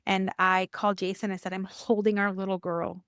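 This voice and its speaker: A church worker appearing as a podcast guest tells a personal faith story in a middle-pitched, smooth voice at a slightly fast pace. She's animated, acting out quoted dialogue with jumps and rises in pitch and repeating phrases for emphasis. The close, dry recording has no room sound or echo.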